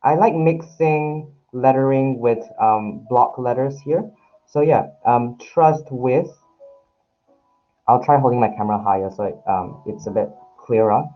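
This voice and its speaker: A man teaches lettering over a live online workshop, speaking at a mid pitch. He talks in a friendly way but keeps hesitating, restarting his sentences and filling gaps with ums. The sound is muffled and lo-fi, with quiet music behind him. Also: normal speed. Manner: hesitant, with many fillers and restarts; friendly, addresses viewers directly. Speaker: calligraphy instructor.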